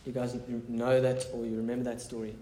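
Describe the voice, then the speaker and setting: A man's voice: medium pitch, little pitch movement, brisk, dark tone, a little hiss or hum. Man, pastor, casual conversational sermon, chatty asides, echoey room, faint background ambience.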